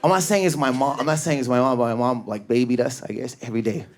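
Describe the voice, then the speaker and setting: A man from Canada doing a stand-up comedy set on a club stage, high-energy and neurotic, often shouting and acting out voices. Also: steady tone, quick pace, slight background noise. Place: comedy club stage before a live audience. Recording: live club recording with crowd laughter. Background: audience laughter.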